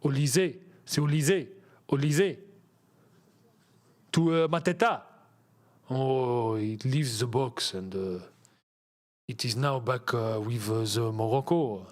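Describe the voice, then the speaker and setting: A man putting on a mock French accent, commentating slowly and haltingly with many fillers. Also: medium pitch, close to an everyday voice. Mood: mock commentary. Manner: halting, drawn out, full of uh fillers.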